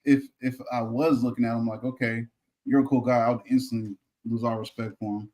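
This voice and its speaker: A man co-hosting a casual panel chat, joking and cutting in with quick remarks. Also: medium pitch, level tone, darkish tone. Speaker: podcast co-host.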